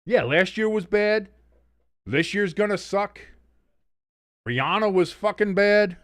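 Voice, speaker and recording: Profane, lively male stream host. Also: high-pitched, takes it slowly, dry recording, studio quality. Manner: profane, animated, reads chat aloud. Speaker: watch-along stream host. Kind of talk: casual live-stream chat.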